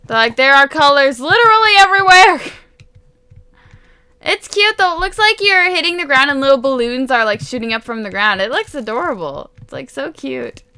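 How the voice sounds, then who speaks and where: A woman hosting a game video, giving chatty, excitable play-by-play that bursts into squeals and laughter. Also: sits high, moderate pace, no room sound. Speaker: gaming video host. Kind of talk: excited let's-play commentary.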